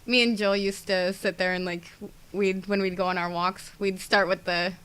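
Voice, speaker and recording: A woman from New Jersey chatting as a guest on a talk show, animated and quick to laugh. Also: medium pitch, clean tone, rough recording. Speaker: podcast guest. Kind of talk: casual chat.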